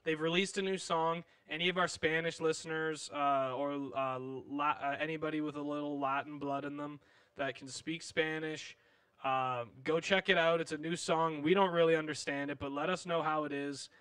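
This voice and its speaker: A man's voice: on the high side, fairly even intonation, normal speed, a bit bright, clear, resonant tone, no room sound. A man co-hosting a podcast in casual chat, loose, joking and rambling. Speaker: podcast co-host.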